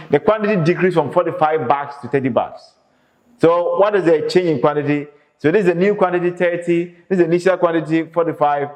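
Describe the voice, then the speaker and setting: In a slightly high, somewhat mellow voice, this man delivers an emphatic economics lecture. He puts questions to the class only to answer them himself, and the room echoes noticeably.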